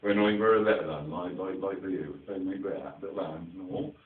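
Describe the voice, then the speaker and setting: A man's voice: low-pitched, moderate pace. Playful storyteller man with a rural English dialect. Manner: chatty, playful, quizzes the children. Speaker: children's theatre performer. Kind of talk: storytelling to a young audience. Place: children's theatre show. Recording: distant echoey phone-like recording.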